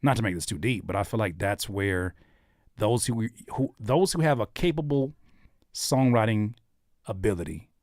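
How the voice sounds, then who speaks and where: A man's voice: fairly low pitch, lively intonation, moderate pace, a little mellow, no room sound, clean studio sound. A man hosting a live stream, reacting to listeners' songs in casual, thoughtful talk with many fillers and restarts.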